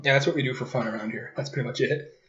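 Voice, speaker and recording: A young man with a drawl chats loosely, cursing freely and dropping deadpan jokes. The sound is dull and lo-fi, like a webcam mic. His pitch sits in an ordinary middle range. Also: rapid-fire. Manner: rambling, profane, deadpan jokes. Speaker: podcast host. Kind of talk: casual chat.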